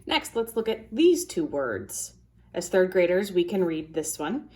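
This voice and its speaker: A woman teaching a phonics lesson to third graders, sounding out letters and words slowly and carefully. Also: on the low side, big pitch swings, a little mellow.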